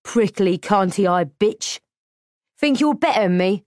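A woman playing a crude male slaver, growling, sneering, storybook villain, dry close sound, middling pitch. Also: expressive, slow, a little mellow, no room sound. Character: sly brutish male Celtic slaver, crude.

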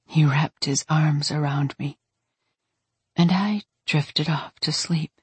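Low, husky woman narrating an audiobook. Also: steady tone, takes it slowly, no echo. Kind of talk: first-person audiobook narration.

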